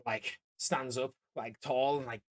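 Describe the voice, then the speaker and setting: A man's voice: mid-range voice, fairly even intonation, a little slow. A man narrating as game master for a tabletop game, talking loosely with lots of fillers and restarts. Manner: rambling, many fillers and restarts.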